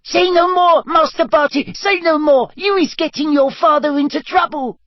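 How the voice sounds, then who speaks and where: A man voicing a frantic tiny female house-elf servant who pleads in a squeaky voice with broken grammar. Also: normal speed, no room sound, lo-fi sound. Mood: pleading.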